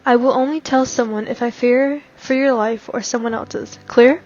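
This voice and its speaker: A woman reading the lines of a calm, reassuring male therapist in a story reading. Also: a little high, normal speed, natural voice. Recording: slightly dull lo-fi recording.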